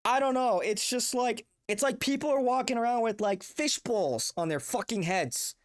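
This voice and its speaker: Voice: medium pitch, moderate pace. A young adult streamer ranting casually, profane, exasperated and rambling. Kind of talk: casual livestream rant.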